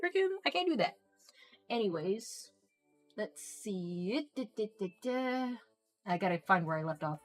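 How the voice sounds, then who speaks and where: A young woman rambles through a casual live stream, reading chat aloud and swearing freely. Her pitch sits in the middle but swings a lot as she gets excited. Quiet music plays underneath. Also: unhurried.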